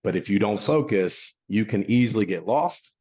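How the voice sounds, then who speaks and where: A man's voice: lowish voice, expressive, moderate pace, darkish tone, husky. A man hosting a podcast in casual chat, emphatic and repeating his points for stress. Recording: dull muffled lo-fi sound.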